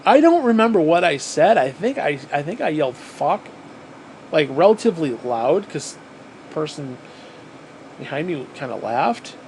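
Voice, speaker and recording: Man, casual storytelling, fairly high voice, swears a lot, repeats himself for emphasis, faint hum behind. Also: moderate pace, low-quality recording. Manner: animated, swears freely, repeats phrases for emphasis. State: physically exhausted. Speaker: vlogger telling a story.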